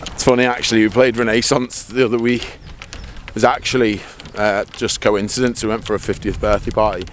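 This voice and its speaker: A man's voice: on the low side, brisk. Chatty man on a golf course. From England. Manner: chatty, excitable storyteller. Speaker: vlog host, golfer. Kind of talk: casual chat on the course. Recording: faint outdoor noise.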